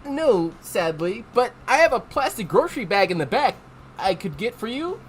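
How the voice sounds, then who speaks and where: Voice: mid-range voice, very animated, normal speed, a little hiss or hum, voice pushed up, lightly acted. A streamer doing a courteous old train conductor. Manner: polite, formal announcer tone. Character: old male train conductor on his final day, formal and kindly.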